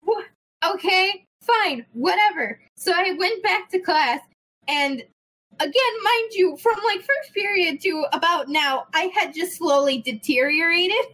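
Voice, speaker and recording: Young woman, high voice, bright tone, casual storytelling, animated, swears. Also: a little slow, rough recording. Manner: animated, swears freely, acts out quoted people. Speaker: podcast host.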